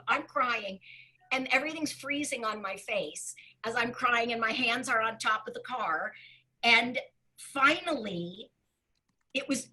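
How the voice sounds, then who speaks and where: A Broadway performer telling an animated story with a lot of expression, acting out the voices of the people in it. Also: female voice, a little high, poor audio. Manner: expressive storyteller who acts out quoted voices, often laughing.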